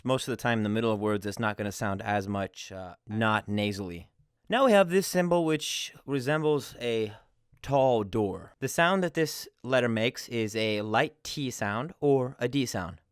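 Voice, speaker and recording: A man explains pronunciation patiently, walking through one example after another. His voice is smooth and resonant, and it sits at an ordinary middle pitch. The sound is dry and close, with no room echo. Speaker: language teacher.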